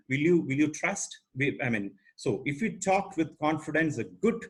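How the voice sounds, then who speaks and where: A man's voice: on the high side, lively intonation, moderate pace, few pauses, fairly bright tone, breathy edge. A middle-aged man giving an online training lecture as a corporate trainer, emphatic and asking the audience rhetorical questions.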